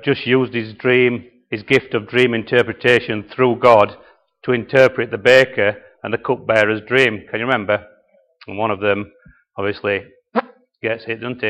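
A man's voice: medium pitch, fairly bright tone. A man preaching a sermon and often asking the congregation questions. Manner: conversational, asks the congregation questions.

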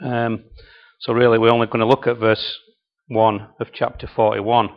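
A man's voice: medium pitch, level tone, normal speed, dull audio. A man preaching a sermon and often asking the congregation questions. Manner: conversational, asks the congregation questions.

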